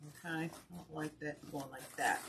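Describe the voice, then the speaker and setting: A woman's voice: sits low, normal speed, creaky. A woman hosting a casual craft tutorial, tired and self-deprecating as she chats with viewers. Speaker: wreath-making channel host. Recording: steady background noise.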